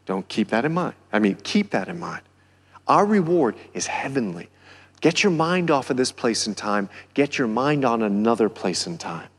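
A pastor with a Southern country accent preaching a sermon, building to near-shouts on key phrases. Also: male voice, mid-range voice, very animated, moderate pace, husky. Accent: American Southern. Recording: long hall reverb.

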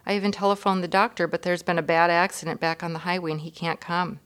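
A frustrated, helpless father from a storybook, earnest and exasperated, as a woman reads him. The voice is a little low. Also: level tone, fast talker, lightly acted. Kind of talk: children's storybook reading.

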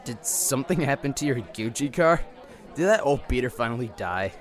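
A man's voice: medium pitch, fairly quick, soft background music, a faint crowd, lightly acted. A young man playing a teasing, loyal best friend. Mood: playful. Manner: playful, lively. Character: supportive teenage boy best friend, teasing.

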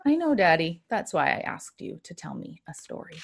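A woman voicing a sleepy little girl talking to her father, soft and pitched up. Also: big pitch swings, moderate pace, vocal fry, breathy edge, heavily acted.

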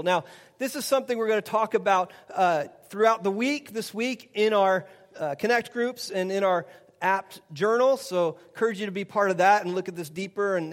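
High-voiced pastor in a reverberant hall. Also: male voice. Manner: storytelling, chuckling, acting out dialogue. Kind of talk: sermon with personal story.

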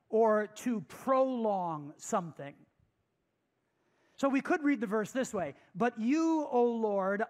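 Pastor delivering a teaching sermon, slow and deliberate, stresses and repeats key phrases, mid-pitched voice. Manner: emphatic, repeats key phrases and asks the listeners questions.

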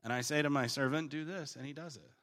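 A man teaching through a Bible passage in a casual, conversational way, paraphrasing the text in slangy voices and swinging between emphatic bursts and quiet reading. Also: fairly high pitch, fast talker. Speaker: preacher teaching on the Gospel of Luke.

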